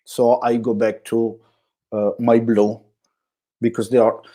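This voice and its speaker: A man with an Italian accent, a guest telling animated stories in a conversational interview, often restarting his sentences. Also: medium pitch, slow pace. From Italy. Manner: animated storytelling with frequent restarts. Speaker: guest storyteller.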